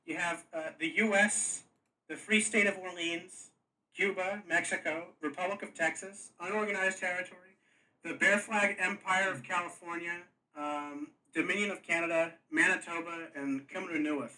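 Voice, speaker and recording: A man running a tabletop game, talking casually and haltingly with many restarts. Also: sits high, steady tone, sharp tone, distant mic, poor audio. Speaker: game master. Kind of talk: casual chat. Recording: voice from off the mic.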